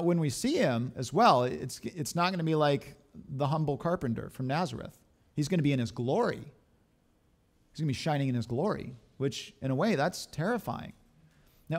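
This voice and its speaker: A man preaches a sermon as a pastor, his voice on the high side. He is animated and fills his delivery with rhetorical questions.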